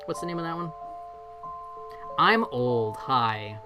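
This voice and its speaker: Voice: mid-range voice, lively intonation, slow, dull audio, loud music behind the voice. A streamer in their forties, chatting casually and self-deprecatingly from a bedroom, swearing freely and laughing often. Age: 40s. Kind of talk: casual live-stream chat.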